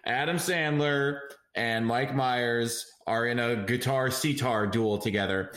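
A young man hosting a comedy podcast, animated and jokey, often laughing. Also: medium pitch, measured pace. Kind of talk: casual comedic chat. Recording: echoey room.

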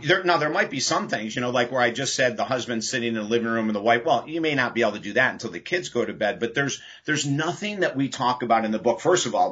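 Bright husky-voiced man telling a story. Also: medium pitch, highs cut off. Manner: animated anecdote telling with laughs. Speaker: podcast guest, author. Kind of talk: casual storytelling interview.

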